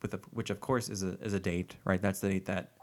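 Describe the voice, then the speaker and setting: Guy co-host, kinda low voice, pumped about park news, lots of ums. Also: steady tone, quick pace. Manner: enthusiastic, hesitant with ums and restarts. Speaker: podcast co-host.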